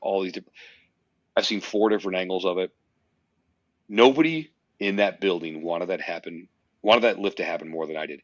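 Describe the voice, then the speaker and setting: Deep-voiced man talking intensely, cursing often. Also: a bit bright, no echo. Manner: emphatic, swears often, tells stories intensely. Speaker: podcast guest, powerlifter. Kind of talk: casual podcast conversation. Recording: dry, slightly muffled podcast audio.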